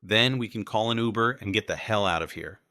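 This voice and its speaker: A man doing a brisk, practical young man. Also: on the low side, bright, forceful tone, no echo, studio quality.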